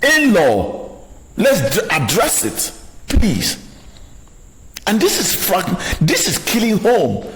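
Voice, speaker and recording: A man's voice: high voice, wildly swooping pitch, slow, long pauses, a bit bright, echoey room, voice pushed up, full character voice. A man voicing a young married woman who pleads indignantly with her in-law.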